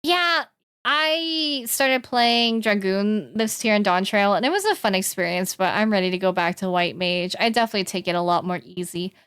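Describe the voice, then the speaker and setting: A woman's voice: mid-range voice, moderate pace, fairly bright tone, smooth, no room sound. A young woman streaming a game, chatting casually, giggling and singing along. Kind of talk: casual let's-play chat. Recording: game music in background. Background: game music.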